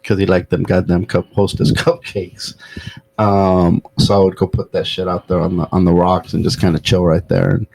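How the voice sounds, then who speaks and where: A man hosting a casual podcast, his voice low and rough with a husky edge. He rambles through stories in loose, profane chat, with plenty of ums and restarts. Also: little pitch movement, normal speed, a little mellow, rough recording. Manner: loose, profane storytelling with many fillers. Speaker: podcast host.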